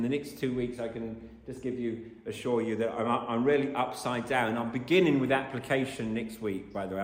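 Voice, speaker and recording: Emphatic preacher in an echoey hall. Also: male voice, mid-range voice. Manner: earnest, emphatic, repeats key phrases. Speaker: pastor. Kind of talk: sermon. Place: church.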